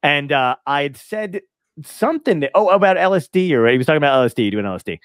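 A man's voice: fairly high pitch, animated, fast, no echo, studio quality. A man hosting a podcast in casual chat, telling rambling anecdotes, swearing freely and laughing often. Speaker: podcast host.

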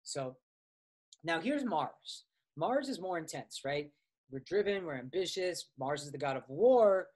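A man's voice: a little high, animated, measured pace, darkish tone. A man teaching astrology in a casual, conversational way, with frequent fillers and restarts as he tells personal stories. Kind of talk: casual explanatory lecture.

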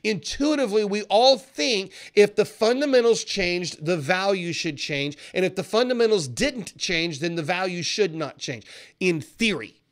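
A man teaching a trading seminar in an animated way, laughing often and acting out traders' reactions. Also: sits high, moderate pace. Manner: animated, acts out traders' reactions in quoted voices; laughs often while explaining. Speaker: trading educator.

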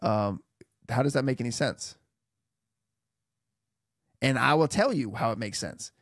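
A man at an ordinary mid pitch teaches refrigeration technology with playful, theatrical asides. His voice sounds dry and close, with no room around it. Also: measured pace, pauses often, a bit bright, dry recording. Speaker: HVAC instructor. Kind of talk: animated technical tutorial.

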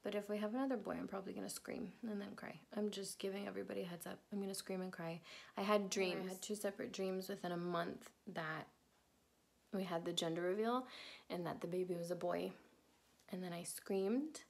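Gravelly-voiced young woman vlogging. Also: fairly even intonation, a little fast. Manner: chatty, talks baby-talk to her cat in a high sing-song voice. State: pregnant. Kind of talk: casual vlog update.

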